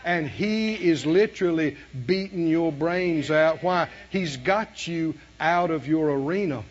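Preacher guy, high voice, goes quiet then yells, muffled old recording. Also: unhurried. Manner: emphatic, swinging from hushed to shouting, with laughs. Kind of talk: sermon.

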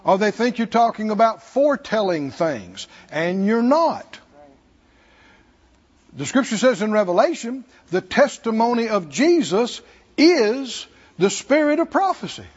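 A man's voice: high voice, big pitch swings, measured pace, highs cut off. A man with a Southern American accent preaching a sermon in a church, folksy and humorous, chuckling between points. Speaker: pastor. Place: church sanctuary.

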